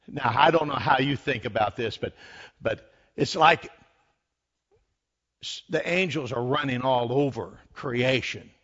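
A man's voice: mid-range voice, a little slow, pauses often, a bit bright, slightly rough, dull audio. A man preaching a sermon, retelling scripture dramatically and building to fervent emphasis.

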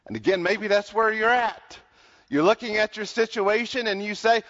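A man preaching a sermon in earnest, slowing down to stress his points, in a large hall. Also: high-pitched, animated, fairly bright tone. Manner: earnest, slows down to stress lines. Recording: dull sound with long hall reverb.

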